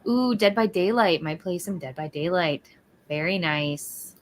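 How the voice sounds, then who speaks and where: A woman's voice: on the low side, animated, a little slow, a little hiss or hum. A woman hosting a live reading stream, chatting casually and greeting viewers from bed at home. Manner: chatty, reads out chat greetings. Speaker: livestream host. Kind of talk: casual chat.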